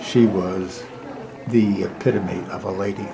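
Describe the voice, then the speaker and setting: A man, a family friend, slowly telling an amused anecdote at a memorial dinner. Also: low-pitched, steady tone. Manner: slow, unhurried, amused. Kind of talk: casual storytelling at a memorial dinner. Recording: noisy room.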